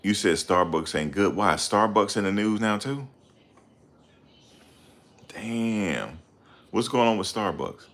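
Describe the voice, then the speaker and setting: A man hosting a casual livestream, reading viewer comments and ranting heatedly with loud outbursts and repeated phrases. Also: on the low side, lively intonation, slow, long pauses. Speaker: livestream host.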